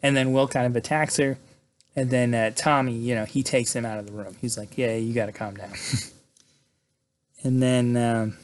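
A man recaps a movie's plot casually, rambling with plenty of fillers, frequent "like" and "right?", and laughs between lines. His medium-pitched voice is steady and unhurried with frequent pauses, over a little hiss or hum.

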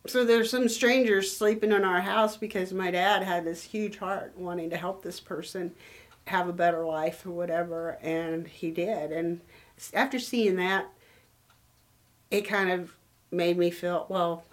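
A woman's voice: on the low side, fairly even intonation, unhurried. A woman in her sixties from Texas, a motel manager telling heartfelt stories in a casual interview. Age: 60s. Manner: emotional, heartfelt.

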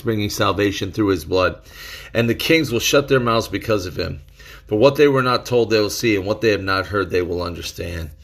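Male preacher, fairly low voice, earnest, emphatic, repeats key phrases, bible teaching sermon. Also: gravelly, slightly rough.

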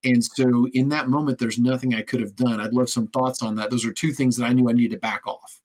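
A man's voice: medium pitch, fairly even intonation, fairly quick, a little mellow, poor audio. A man hosting an interview, telling stories in a casual, conversational way and acting out the lines of the people in them. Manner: storytelling, conversational, acts out quoted speech. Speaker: host.

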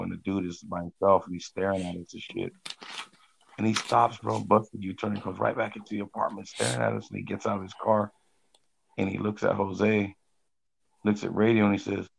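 A man with a deep, gravelly voice spinning rowdy stories from the old days. He talks in a loose, profane way, full of slang and swearing, and his delivery gets animated as the stories build. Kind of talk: casual storytelling.

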